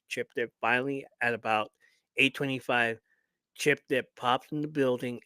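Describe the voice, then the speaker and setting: A man hosting a live show, reading a listener's story aloud and stopping for lively, profane asides to the audience. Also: mid-range voice, no room sound. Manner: animated, profane, laughs often, talks straight to listeners.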